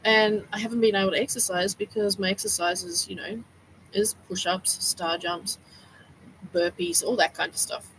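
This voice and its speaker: A woman's voice: mid-range voice, steady tone, normal speed, a bit bright, a little hiss or hum, rough recording. A middle-aged woman, chatting casually on a livestream, rambling and laughing often as she retells events. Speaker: livestream host.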